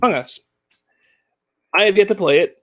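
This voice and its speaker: Easygoing higher-voiced man chatting. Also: moderate pace, a bit bright. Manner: easygoing, joking, chuckles often. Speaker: podcast host and father. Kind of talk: casual family chat.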